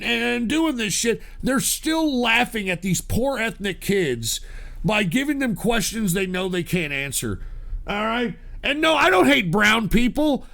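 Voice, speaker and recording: A man's voice: extremely high pitch, gravelly, sharp tone. A man streaming live, reacting to a video with sarcastic, profane, ranting commentary. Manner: ranting, sarcastic, heavy swearing.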